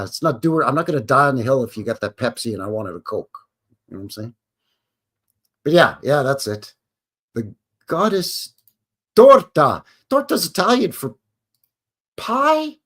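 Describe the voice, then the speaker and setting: A man with a medium-pitched voice hosts a casual live stream, reading text aloud and interrupting himself with wry, sarcastic remarks to viewers. He often stumbles and restarts.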